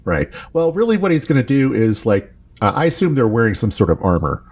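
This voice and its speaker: A man's voice: medium pitch, very animated, fairly quick, a little mellow, breathy edge. A man taking his turn as a player, casually and hesitantly, with many fillers. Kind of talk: casual chat.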